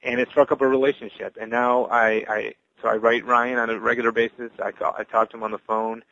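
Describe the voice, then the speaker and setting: A man's voice: medium pitch, little pitch movement, fairly quick, vocal fry, a bit bright, dull audio. A man on a podcast giving an earnest personal testimony, stumbling and restarting his words with many fillers. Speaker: podcast guest sharing testimony.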